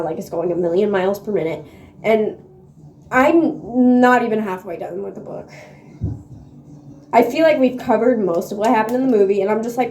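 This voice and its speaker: A woman vlogging about a book she's reading, excitable and slangy, swearing freely and laughing often, recorded on a phone. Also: medium pitch, normal speed, pauses often, a little hiss or hum. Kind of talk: casual reading vlog chat. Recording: echoey room on a phone mic.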